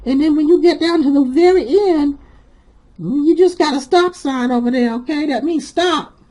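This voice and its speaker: A very high, shrill-voiced sassy church lady, as a man puts her on. She drawls with sugary sarcasm, calling everyone honey. A comedic character monologue. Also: normal speed, darkish tone. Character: sassy sharp-tongued churchgoing woman.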